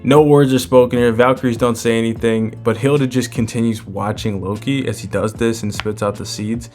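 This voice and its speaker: A man giving a relaxed, casual recap of a manga chapter and chuckling as he retells its scenes. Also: mid-range voice, fairly quick, soft background music.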